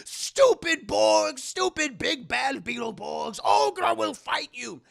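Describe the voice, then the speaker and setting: Old hermit woman, high and shrill, creaky with fry, yelling defiance — a man putting her on. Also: sing-song, takes it slowly, full character voice. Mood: frantic defiant. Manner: shrieking, crying out.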